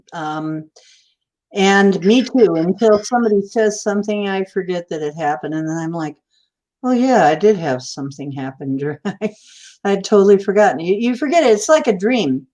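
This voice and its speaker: A woman hosting a casual stream discussion, reassuring and trailing off quietly at times. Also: medium pitch. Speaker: stream host. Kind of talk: casual chat.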